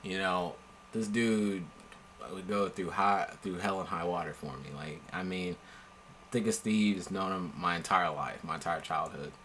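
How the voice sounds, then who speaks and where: A young man telling a story from his own life in a laid-back, slangy, animated way. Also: low-pitched, unhurried, slight background noise. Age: young adult. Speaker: storyteller vlogger. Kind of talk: casual storytelling.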